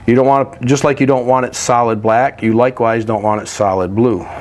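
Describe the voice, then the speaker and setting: Man calmly demonstrating an oil painting technique. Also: mid-range voice, fairly quick. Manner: relaxed, practical, explains while working. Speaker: painting instructor.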